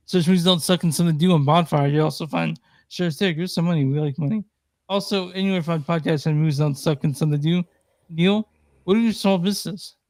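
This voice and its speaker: A man's voice: a little high, dry recording. A man co-hosting a movie podcast, talking in an easygoing, hesitant way. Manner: easygoing, hesitant, lots of fillers. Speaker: podcast co-host. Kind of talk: casual chat.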